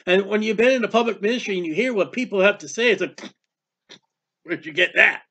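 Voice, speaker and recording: A man preaching a sermon, animated and emphatic, reading scripture aloud. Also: sits high, normal speed. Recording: dull lo-fi sound.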